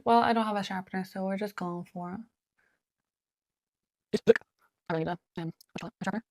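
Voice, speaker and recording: Relaxed chatty woman, dry close sound. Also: medium pitch, a little fast, gravelly, pauses often, no room sound. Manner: relaxed, muttering asides to herself while working. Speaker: beauty vlogger. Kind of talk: chatty get-ready-with-me talk. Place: at home.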